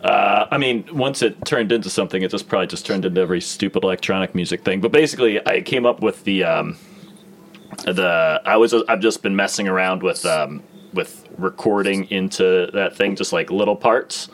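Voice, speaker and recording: A man's voice: deep voice, normal speed, slight background noise. A man co-hosting a podcast, explaining in a rambling, hesitant way with many fillers. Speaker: podcast co-host, musician. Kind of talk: casual chat.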